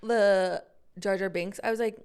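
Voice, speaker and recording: A woman co-hosting a podcast, answering trivia and telling stories in an excitable, bubbly way, often gasping. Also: mid-range voice, a little slow, smooth. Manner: bubbly, gasps, excitable storytelling. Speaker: podcast co-host. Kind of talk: casual chat, answering trivia.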